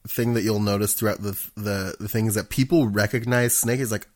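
A man co-hosting a casual podcast, laid-back, chiming in with short agreement and quick recaps. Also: on the low side, steady tone, darkish tone, no room sound, clean studio sound. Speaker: podcast co-host. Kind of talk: casual movie recap chat.

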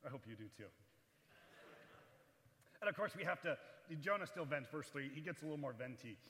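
A man preaching a sermon as pastor in a chapel, animated, swinging between loud and hushed delivery. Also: on the high side, a little fast, long reverb tail, a little hiss or hum. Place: large echoey chapel.

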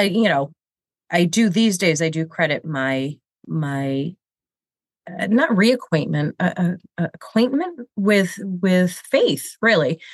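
A woman's voice: fairly low pitch, no echo. A woman in her fifties with a cold and a congested voice, chatting candidly and self-deprecatingly as a show host, rambling with frequent restarts. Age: 50s. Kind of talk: casual confessional chat. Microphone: video camera.

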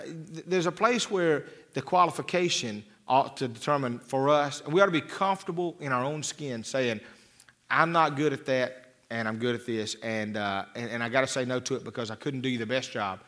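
A man's voice: medium pitch, fairly bright tone. A man preaching a sermon as a pastor, folksy and rambling, with frequent restarts and repeated words. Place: church.

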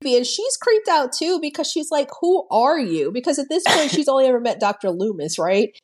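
A woman's voice: sits high, expressive, fairly quick. A woman co-hosting a podcast, casually recapping a movie with plenty of swearing and laughter. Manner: profane, laughing storyteller. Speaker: podcast co-host.

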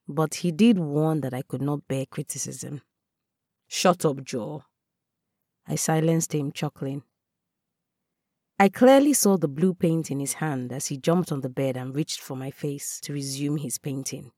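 A woman reading a first-person story aloud in a calm, measured way. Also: low-pitched, no room sound, studio quality. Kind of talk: scripted first-person narration.

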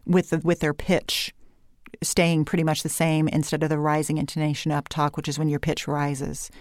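A Californian woman speaks as a voice coach in an animated interview. Her voice sits fairly low for a woman and sounds smooth and resonant. She is recorded close on a dry microphone. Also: moderate pace, no echo. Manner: animated explanatory talk with light vocal fry and uptalk. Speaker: voice and speech coach. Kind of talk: interview conversation.

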